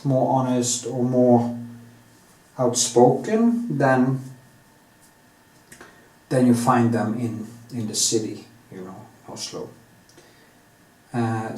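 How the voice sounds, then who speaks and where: A man with a Norwegian accent thinking out loud as he paints, rambling candidly with many restarts and drawn-out stretches. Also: medium pitch. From Norway. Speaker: artist. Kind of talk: casual monologue while painting. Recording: echoey room, mic set at a distance.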